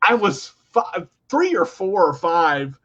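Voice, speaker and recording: A man's voice: high voice, big pitch swings, takes it slowly, fairly bright tone, husky, highs cut off. A man hosting a radio talk show, telling stories with many stammered restarts and dry jokes. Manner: stammering restarts, joking storyteller. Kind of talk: casual conversation.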